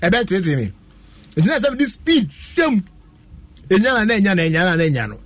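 High-voiced husky man telling stories. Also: brisk, dry recording. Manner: lively, laughs often while telling a story. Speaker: storyteller in a chat. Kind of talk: casual chat, animated storytelling.

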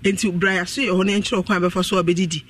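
A high-voiced man rattles off health advice at a quick clip on a radio talk show. He sounds set back from the microphone, earnest and explanatory as he walks listeners through what to do. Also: steady tone, a bit bright. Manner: rapid, earnest explaining and advising. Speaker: health practitioner guest on radio. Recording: voice distant from the microphone.

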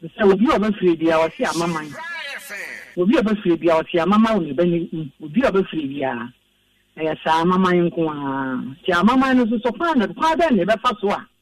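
A woman's voice: on the low side, lively intonation, fairly quick, far from the mic, poor audio. A woman speaking as a guest on a radio show, explaining the steps of an herbal remedy patiently and repeating the key points. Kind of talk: radio interview.

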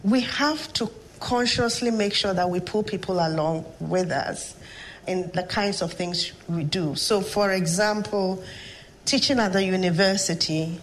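Speaking at medium pitch, a Ghanaian woman professor shares stories and reflections as an interview guest, keeping a measured, reflective manner. A little hiss or hum runs through the poor audio.

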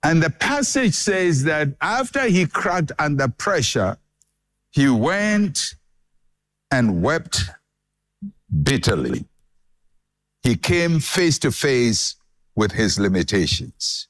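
A man delivers a sermon in a measured, unhurried way, stacking repeated phrases for dramatic effect. His voice sits fairly high and rises and falls with wide, lively swings as he drives each point home. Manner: dramatic, emphatic preaching with repetition. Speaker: preacher.

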